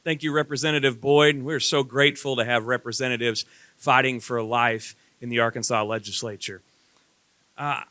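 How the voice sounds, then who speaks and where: Bright-voiced pastor emceeing a banquet. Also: male voice, mid-range voice, dry recording. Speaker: pastor and master of ceremonies.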